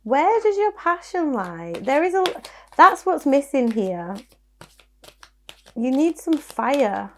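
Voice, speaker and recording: A woman's voice: high voice, big pitch swings, takes it slowly, pauses often, a bit bright, a little hiss or hum. A woman with a Yorkshire accent giving a casual tarot reading, chatty and reassuring as she muses over the cards. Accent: Yorkshire English. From Yorkshire, England. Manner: chatty, musing, reassuring, with small laughs and restarts. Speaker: tarot reader.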